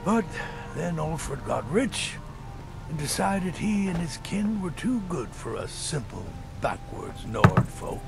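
A man's voice: on the high side, very animated, takes it slowly, exaggerated voice. An actor playing a proud aging male Nord clansman in video game dialogue, earnest and tradition-bound. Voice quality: gravelly. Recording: game audio over loud music.

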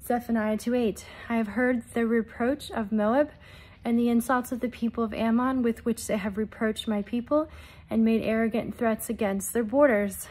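A woman's voice: on the high side, steady tone, moderate pace, darkish tone. A woman relaying prophetic messages and reading scripture verses, speaking in solemn, earnest first-person proclamations in short phrases. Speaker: self-styled prophetic messenger.

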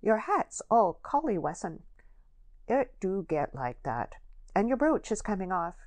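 A woman reading aloud as a calm, unbothered country girl with homely speech. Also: mid-range voice, unhurried, dry recording, pitched above the performer's own voice. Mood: placid. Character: placid, hungry plain country girl.

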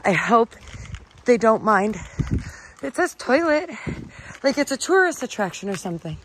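A young woman from North Dakota vlogging her travels, excitable and casually swearing. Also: on the high side, normal speed, slight background noise, low-quality recording.

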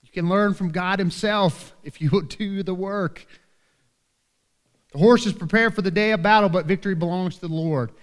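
A man's voice: high-pitched, moderate pace, in a large hall. A man preaching a sermon as pastor in a church, talking earnestly and conversationally and often checking in with "right?". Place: church sanctuary.

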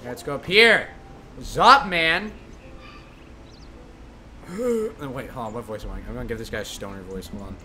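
Goofy, lively male streamer. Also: medium pitch, moderate pace, pauses often, faint music behind. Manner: goofy, jokey, sudden loud outbursts. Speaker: streamer playing a game with voice actors. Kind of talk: casual let's-play banter.

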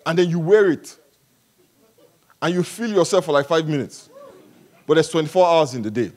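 A male pastor preaching a sermon at a church service, animated and humorous, swinging between quiet asides and loud passages. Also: fairly high pitch, normal speed.

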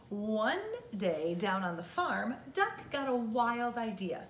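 A woman teacher reading a picture book aloud to children, telling the story slowly and expressively. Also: a little high, distant mic, a little hiss or hum. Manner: slow, expressive storytelling for kids. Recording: echoey room with faint ambience.

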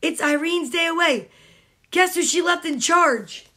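A woman voicing a fretful, excitable animal in a picture book. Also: very high-pitched, measured pace, voice pushed up, heavily acted.

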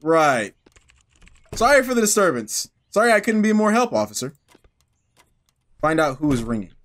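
A man's voice: on the high side, very animated, moderate pace, fairly bright tone. A young man giving joking, profane commentary while playing horror games, answering the characters on screen. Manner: joking, profane, talks back to the game. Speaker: gaming YouTuber. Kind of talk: let's-play commentary.

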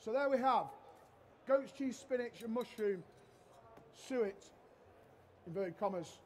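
High-voiced cheeky chef. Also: male voice, slow, a little hiss or hum. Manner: cheeky, loud-mouthed joker. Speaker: chef giving a cooking demonstration. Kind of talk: live cooking demo with banter. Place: demo stage at a trade show.

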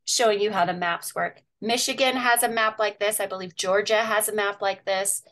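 A woman in middle age speaks over a video call in a chatty, easygoing way. She talks as she goes, with fillers and small laughs. Her pitch sits in an ordinary middle range. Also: fairly even intonation, moderate pace, a bit bright. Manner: chatty, sharing her screen, with frequent um and laughs. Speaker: guest, parent activist. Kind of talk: casual video call interview.

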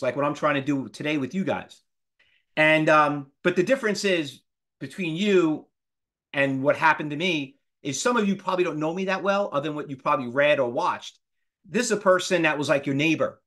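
A man in his fifties teaching a live trading class, animated and firing rhetorical questions at his students. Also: a little high. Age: 50s. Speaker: trading instructor.

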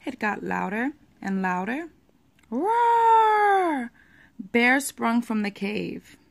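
A woman reading a children's picture book aloud at a steady pace, with the odd small slip. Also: medium pitch, takes it slowly, vocal fry.

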